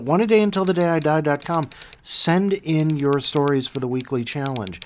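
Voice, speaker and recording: A man hosting his own podcast in casual solo talk, self-mocking and animated, swinging between loud bursts and muttered asides. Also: a little high, normal speed, a little hiss or hum. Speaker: podcast host.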